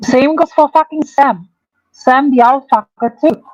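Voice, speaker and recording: A woman hosting a casual livestream, talking in a halting, hesitant way with many restarts. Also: high-pitched, dry recording, dull audio.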